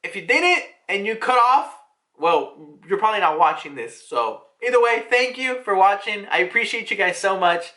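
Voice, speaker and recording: A woman recapping a comic chapter in a casual, excitable way, swearing freely. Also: mid-range voice, moderate pace, echoey room. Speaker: manga reviewer.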